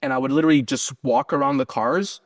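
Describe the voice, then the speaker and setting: A man's voice: mid-range voice, steady tone, quick pace, no echo. A man with a mid-range voice tells his business stories bluntly and casually. He swears freely and plays out the dialogue he recalls. The sound is dry and close. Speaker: business owner and guest. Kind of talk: casual interview storytelling.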